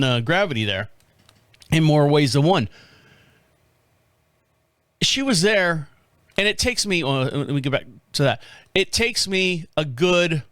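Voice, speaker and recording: A man's voice: on the high side, a bit bright, clean tone, dry recording, studio quality. A man in his fifties hosting his own show, telling a rambling story in casual talk. He swears freely and laughs often at his own stories. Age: 50s. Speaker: podcast host.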